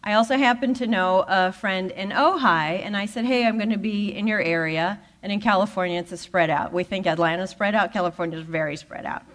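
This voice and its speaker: A woman giving a talk at a spiritual center, telling a personal story with lively acted-out dialogue. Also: mid-range voice, a little fast, hardly any pauses. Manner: animated storyteller who acts out quoted voices. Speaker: guest speaker at a spiritual center.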